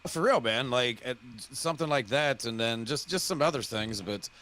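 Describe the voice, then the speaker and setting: A man in casual podcast chat, rambling and halting with many restarts. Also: medium pitch, fairly bright tone.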